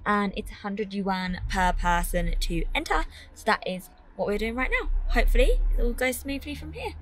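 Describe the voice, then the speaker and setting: A woman's voice: mid-range voice, animated, normal speed, fairly bright tone. A woman chatting in a bubbly, explanatory way as a travel vlogger outdoors at a mountain scenic area. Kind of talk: casual travel vlog.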